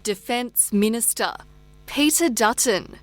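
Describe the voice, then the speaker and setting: Slow, careful female news presenter. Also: a little high, animated, dry recording. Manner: slow, carefully paced reading for learners. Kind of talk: scripted news reading. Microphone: studio microphone.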